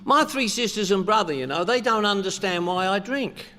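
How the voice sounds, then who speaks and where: A middle-aged man with a London accent speaks to a crowd in a bright, fairly high voice. His pitch swings widely as he tells comic stories in a punchy way, now and then breaking into a shout. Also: lively intonation, moderate pace. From England. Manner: loud, joking, punchy with bursts of shouting. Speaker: recovery meeting speaker. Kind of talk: comic storytelling talk to a crowd.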